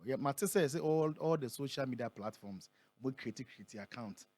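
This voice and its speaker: A Ghanaian man who is a prophet, speaking in a radio interview and reading scripture aloud, slowing down and building on the key words. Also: mid-range voice, darkish tone, no echo. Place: radio studio.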